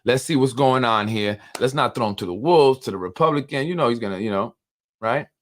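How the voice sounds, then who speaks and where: A man talks through local politics in loose, unscripted commentary. He presses his points hard, repeats himself and keeps asking rhetorical questions. His pitch sits in an ordinary middle range. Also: fairly quick.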